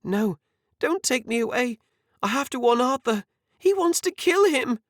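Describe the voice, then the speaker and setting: A frightened young woman, as a male narrator puts her on, her voice pitched very high and pleading in breathless, desperate cries. She swings widely in tone, and the recording is close and dry with no room sound. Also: animated, slow pace, no room sound. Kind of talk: audiobook character voice.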